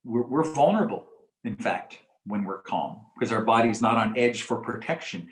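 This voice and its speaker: A man presenting a community talk on coping with stress, explaining in a calm, measured way and repeating key phrases. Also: mid-range voice. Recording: roomy echo.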